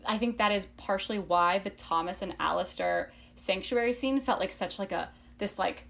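A woman's voice: mid-range voice, normal speed, vocal fry, a bit bright. A young woman co-hosting a book podcast, talking casually with frequent fillers. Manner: chatty, fillers like "like".

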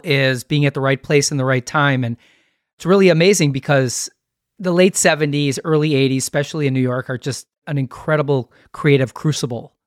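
A man's voice: fairly high pitch, dry recording, clean studio sound. A man hosting an interview, talking in a thoughtful way and often checking with "right?". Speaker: interview host. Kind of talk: conversational interview.

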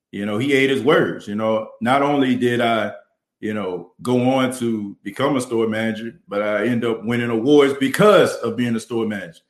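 A man's voice: mid-range voice, roomy sound. A man with a New Orleans accent hosting a podcast, talking fervently and with many "you know" fillers while he reads viewer chat. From New Orleans, US South. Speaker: podcast host. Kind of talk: livestream podcast talk, reading chat. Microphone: studio mic and camera.

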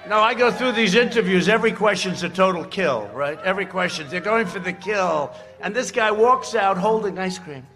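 A man giving a campaign rally speech, rambling and sarcastic, often shouting his points. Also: high voice, normal speed, hardly any pauses, faint music behind. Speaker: political speaker at a rally. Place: large outdoor rally.

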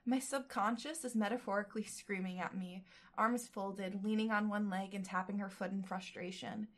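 A woman's voice: mid-range voice, fairly even intonation, normal speed. A woman co-hosting a casual podcast, reading a novel aloud and breaking off into joking asides.

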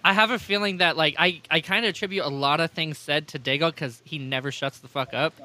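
A man's voice: a little high, a little fast, sharp tone. A man hosting a casual podcast chat, rambling and swearing freely. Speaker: podcast host.

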